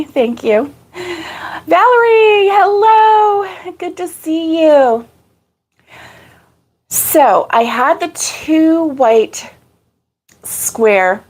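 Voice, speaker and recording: A woman's voice: on the high side, darkish tone. A woman hosting a casual live crochet stream, out of breath, chatting and greeting viewers by name. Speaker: crochet channel host.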